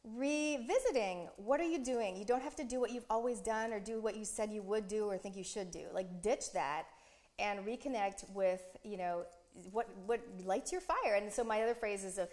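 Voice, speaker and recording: Woman from Canada, middle-aged, talk show guest, fast, animated, enthusiastic, self-mocking. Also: medium pitch. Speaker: guest, speaker coach. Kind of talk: casual talk show chat.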